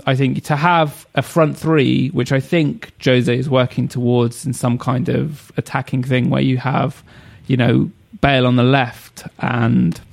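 A man's voice: mid-range voice, creaky. A man as a podcast guest, rambling and thinking aloud about football. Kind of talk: casual football chat.

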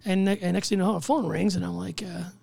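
A man's voice: sits high, fairly even intonation, gravelly, a little mellow. A man, a firefighter, telling a story on a podcast in a casual, profane way and acting out the people in it. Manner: rapid, profane, acts out the people in his story. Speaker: firefighter guest.

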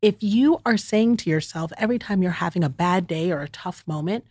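Candid, lower-voiced woman talking to listeners. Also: brisk, few pauses, slightly rough, dry recording, studio quality. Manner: warm, candid, talks straight to the listener as "friend" and "y'all". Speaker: podcast host. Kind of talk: heartfelt solo chat to listeners.

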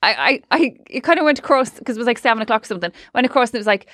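An Irish woman hosting a podcast, telling stories in quick casual chat and acting out what others said. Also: fairly high pitch, expressive, a bit bright, dry recording, clean studio sound. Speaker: podcast host.

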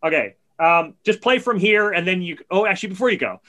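A man co-hosting a podcast in casual music chat, enthusiastic and quick to laugh, peppering his talk with "like". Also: sits high, lively intonation, fairly bright tone. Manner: chatty with many "like" fillers. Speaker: podcast co-host.

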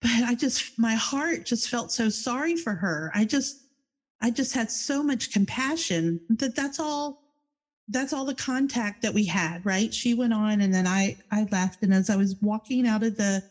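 A middle-aged woman with a slightly higher voice tells a personal story as a podcast host. She speaks in a chatty, informal way and often laughs at herself. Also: unhurried.

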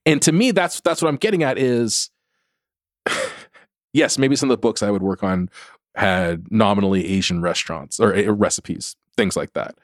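A man's voice: fairly low pitch, expressive, moderate pace, no room sound, studio quality. A man co-hosting a podcast, a cookbook writer talking casually, laughing often and restarting his sentences. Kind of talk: casual chat.

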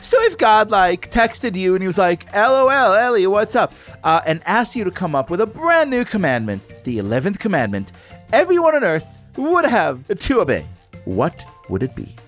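A woman's voice: on the low side, wildly swooping pitch, normal speed, soft background music. A woman co-hosting a scripted kids' podcast, playing a goofy punster who clowns around. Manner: goofy punster, playful and bouncy. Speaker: co-host.

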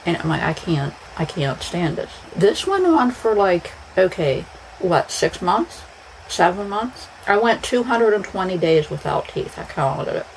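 A woman's voice: mid-range voice, sing-song, unhurried, a little hiss or hum, low-quality recording. A woman podcast host chatting in a rambling, casual monologue, her speech slightly slurred after dental surgery. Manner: rambling, chatty, frequent restarts and fillers.

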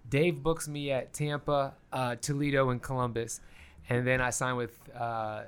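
A man's voice: mid-range voice, flat delivery, a little slow, clear, resonant tone. A man with an ordinary mid-range voice chats casually as an interview guest. He tells his stories with self-deprecating humor and acts out the exchanges he has with fans. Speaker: stand-up comedian guest.

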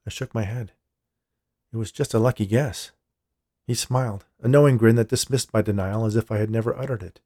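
A man narrating a story in the first person, in a steady, measured way. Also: lowish voice, no echo, studio quality.

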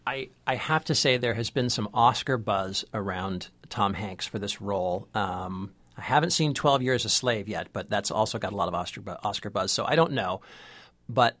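A man co-hosting a casual movie review chat, halting and full of restarts, with wry humor. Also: lowish voice, fairly bright tone, no room sound. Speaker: film critic co-host.

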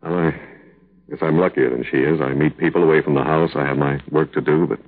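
A man's voice: a bass voice, fairly even intonation, fast. An actor playing a grieving young husband in a 1950s radio drama, earnest and tender as he pleads with his wife. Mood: somber. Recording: tinny old radio broadcast.

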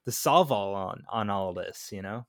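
A man appearing as a podcast guest, telling stories in an animated way, with many stumbles and restarts. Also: fairly low pitch, moderate pace, no room sound, clean studio sound. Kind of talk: casual podcast chat.

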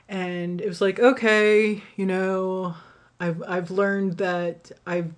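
A young woman hosting a podcast, telling a personal story in a candid, rambling way, swearing freely and filling pauses with "like" and "um". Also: fairly low pitch, darkish tone. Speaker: podcast host and rideshare driver.

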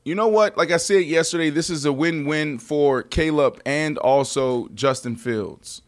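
A man hosting a casual sports podcast, talking in an animated, emphatic way and often restarting his sentences. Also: fairly high pitch, unhurried. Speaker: podcast host.

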